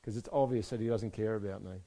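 A man preaching a sermon, moving between soft, quiet stretches and loud, emphatic passages. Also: fairly low pitch, steady tone, fast. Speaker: pastor.

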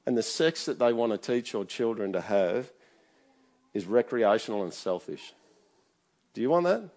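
A man's voice: fairly low pitch, lively intonation, moderate pace, a little mellow. Chatty male pastor. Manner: chatty, keeps checking in with the congregation. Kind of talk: conversational sermon.

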